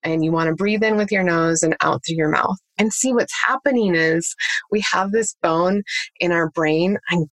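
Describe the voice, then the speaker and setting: Dry, lower-voiced woman coaching parents. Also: normal speed, a bit bright, dry recording. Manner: practical, explains step by step with examples. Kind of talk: conversational interview answers.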